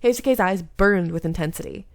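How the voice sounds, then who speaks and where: A woman's voice: on the low side, normal speed, no echo. Woman YouTuber narrating a visual novel, dry close mic, chatty asides. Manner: narrates in first person, breaks off to comment. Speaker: gaming YouTuber. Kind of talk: reading a visual novel aloud.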